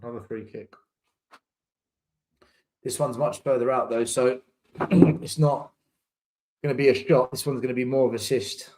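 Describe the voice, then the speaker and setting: A man's voice: mid-range voice, fairly even intonation, moderate pace, darkish tone. A young man hosting a live football watchalong, exasperated, swearing and repeating himself as he reacts. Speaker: fan channel host. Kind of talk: live match watchalong commentary.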